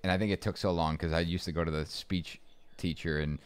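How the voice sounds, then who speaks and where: Rambling through a casual interview as a guest, a thirty-something man from Boston restarts often and drifts into asides, his Boston accent faint and largely smoothed over. His voice sits low, his intonation is fairly even, and he talks fairly quickly.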